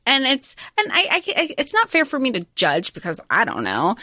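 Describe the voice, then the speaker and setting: Chatty animated woman podcast co-host. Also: fairly high pitch, brisk, dry recording, clean studio sound. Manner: animated, acts out film lines in quoted voices. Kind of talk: casual chat.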